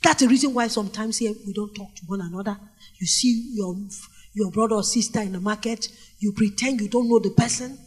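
A middle-aged Nigerian woman preaching a sermon, telling stories with animated energy and calling out questions to the congregation. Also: mid-range voice, fairly quick, slightly rough. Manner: animated storytelling with call-and-response questions to the congregation.

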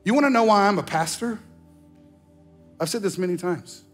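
A man preaching a sermon as pastor, animated, slowing down to stress key phrases and slipping into mock voices. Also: sits high, soft background music. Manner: slows down for emphasis on key phrases. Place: church sanctuary.

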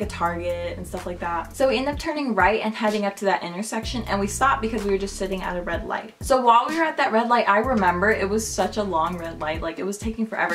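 Chatty young woman vlogger. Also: mid-range voice. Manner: chatty, heavy use of "like". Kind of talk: casual storytime.

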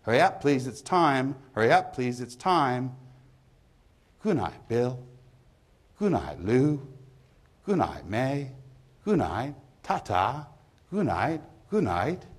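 A man voicing a gossiping working-class woman in a pub, in a loud and emphatic dramatic poetry reading. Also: medium pitch, wildly swooping pitch, slow pace, long pauses, slightly rough, voice pushed up, full character voice.

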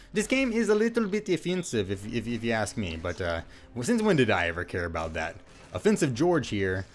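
A man's voice: medium pitch, a little hiss or hum. A man giving playful, goofy let's-play commentary over a game, often stumbling and restarting his words. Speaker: gameplay commentator.

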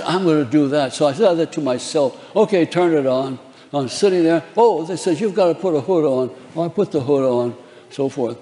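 On stage in a large theater, an older man from New Orleans, Louisiana, tells a live audience chatty, laughing stories about his career, doing the voices of the people he quotes. His voice is fairly high with a dark tone. The recording echoes through the hall and carries a slight hiss or hum.

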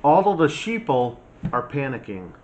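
A man's voice: medium pitch, big pitch swings, moderate pace. A man ranting in a blunt, mocking, scolding monologue as a prepper vlogger. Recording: slightly dull lo-fi sound, faint hiss.

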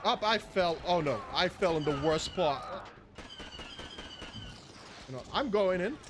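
A man talks through a shooter game in excitable, panicky bursts, his pitch high for a man and jumping all over. Clear game noise and ambience sit behind his voice. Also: slow. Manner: excitable, panicky running commentary. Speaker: gaming channel host. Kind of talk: gameplay commentary.

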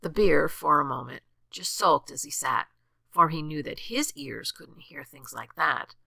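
An older woman reading a rhyming storybook aloud with expressive, sing-song rhythm. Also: low-pitched, measured pace, creaky, no echo.

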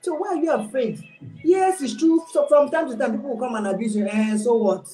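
A woman's voice: high-pitched, lively intonation, brisk, warm tone, soft background music. Woman preaching in a roomy echo. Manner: exhorting, conversational, mixes in pidgin phrases. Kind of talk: informal online sermon.

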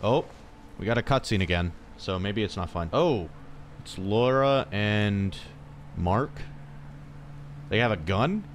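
A man's voice: on the low side, animated, slow pace, long pauses, slight background noise. A young man playing a horror game and commentating, jittery, swearing often and talking to himself. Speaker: gaming streamer.

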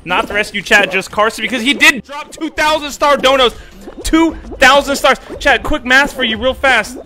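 A young man streaming a game live, excitable and swearing, swinging from loud outbursts to muttering. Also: very high voice, normal speed, faint music behind. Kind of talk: live-stream gaming chat.

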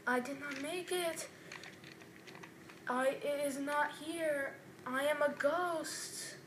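A cheeky male turtle , voiced by a woman, drags out his words in a fake-spooky moan as he plays at being a ghost. His voice sits high and slow. It rings around an echoey room with noise behind it. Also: fairly even intonation, a bit bright. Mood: spooky, playful. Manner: fake-spooky, drawn-out moaning. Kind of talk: homemade toy comedy skit.

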